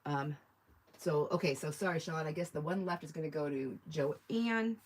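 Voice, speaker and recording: Woman, middle-aged, live-sale host, casual rambling chat, slightly low voice. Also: normal speed. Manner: chatty and rambling, reads viewer comments aloud. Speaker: online shop owner hosting a live sale.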